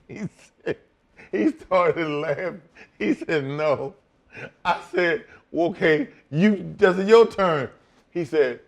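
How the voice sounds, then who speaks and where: A middle-aged man and former wrestler telling a profane, animated story in a shoot interview, laughing as he goes. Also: on the high side, slow, vocal fry.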